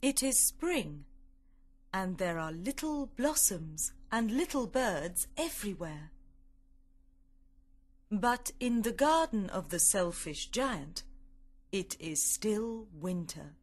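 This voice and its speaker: A woman narrates a storybook in a slow, deliberate manner meant for learners. Her pitch sits in the middle but rises and falls expressively. Every word is clearly set apart. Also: big pitch swings.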